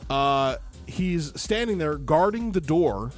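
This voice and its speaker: A man's voice: on the high side, slow, soft background music. A man streaming, telling a story in casual chat, exasperated and swearing freely. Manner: animated, exasperated, profane.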